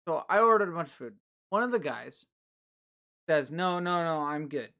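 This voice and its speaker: Young man, podcast co-host, casual chat, swears freely, animated storytelling. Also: on the high side, normal speed. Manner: swears a lot, tells stories animatedly.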